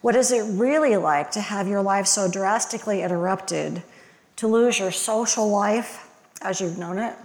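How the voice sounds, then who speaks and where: A woman's voice: mid-range voice, normal speed, a little mellow. A woman giving a reflective sermon, asking one rhetorical question after another. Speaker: lay preacher. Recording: long hall reverb.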